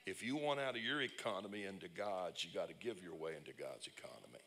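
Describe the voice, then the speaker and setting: A man preaching a lively, humorous sermon, telling stories and breaking into shouts. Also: low-pitched, fast talker. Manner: animated storyteller, bursts into shouts and laughs. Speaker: pastor. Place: church conference service.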